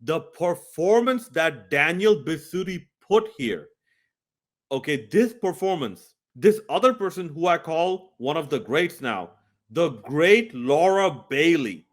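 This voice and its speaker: A man's voice: on the high side, big pitch swings, slow. A man reviewing a video game, speaking earnestly and emphatically straight to his viewers. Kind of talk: scripted review talk.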